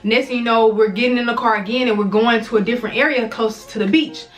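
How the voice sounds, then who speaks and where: A woman's voice: a little high, quick pace, faint music behind. A young woman in her twenties, a vlogger telling a casual, profane storytime full of fillers.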